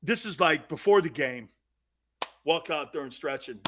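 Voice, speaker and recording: A man with a high-pitched voice hosts a sports talk show in an animated, ranting style. He is loud and mocking, and he slips into angry fan impressions. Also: moderate pace, heavy background noise.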